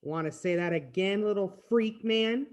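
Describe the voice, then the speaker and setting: A woman's voice: mid-range voice, a little mellow, close to an everyday voice. A woman doing a sneering teen bully. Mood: taunting. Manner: taunting, slow and drawn out. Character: menacing teenage bully boy, sneering. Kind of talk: read-aloud storybook voicing.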